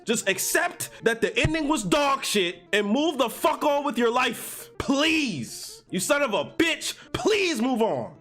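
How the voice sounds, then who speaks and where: Young male commentator with a high voice, furious cursing rant for a video. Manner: profane, exasperated, swings from slow mutters to shouting. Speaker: anime commentator.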